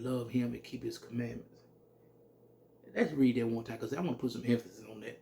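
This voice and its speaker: A man with a gravelly, mellow voice teaches scripture in a blunt, salty way. He reads verses slowly and then breaks into plain commentary. Faint noise sits under the recording. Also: medium pitch. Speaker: religious teacher.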